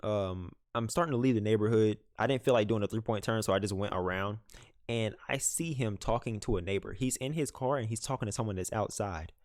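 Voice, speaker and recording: A man's voice: lowish voice, fairly quick, dry recording, studio quality. Young man telling a casual story. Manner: casual, animated retelling with many fillers. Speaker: vlogger. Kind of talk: storytime vlog. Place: home room, dog nearby.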